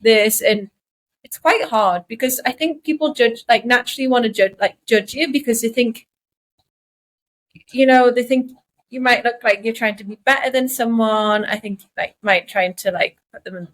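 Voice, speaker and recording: A woman from England co-hosting a podcast, chatting casually and pausing to search for her words. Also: a little high. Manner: reflective, searching for words mid-sentence. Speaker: podcast co-host. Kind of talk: casual chat.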